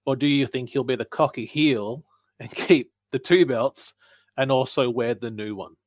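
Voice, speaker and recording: A man's voice: medium pitch, normal speed, no echo. Dry-sounding analytical man. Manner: analytical, explains at length. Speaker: podcast co-host. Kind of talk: casual wrestling chat.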